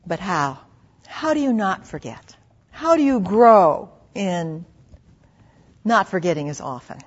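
A woman's voice: mid-range voice, sing-song, slow, slightly rough. Earnest woman preacher, dull lo-fi recording. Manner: earnest and intimate, dropping to a soft hush for prayerful lines. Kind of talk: sermon.

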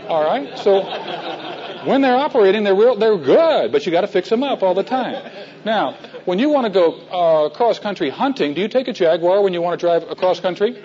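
A man's voice: high voice, lively intonation, a little fast, mellow, muffled recording. A man teaching a men's Bible class in a folksy storytelling way, asking his listeners questions.

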